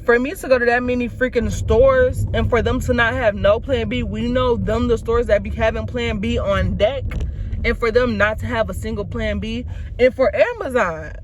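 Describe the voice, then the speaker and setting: A young woman vlogs from inside a car and talks straight to her viewers. She tells the story in a blunt, lively way and swears often. A faint vehicle hum stays under her voice. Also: on the high side, normal speed. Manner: blunt, profane, animated storytelling. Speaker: vlogger. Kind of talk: casual talk to camera.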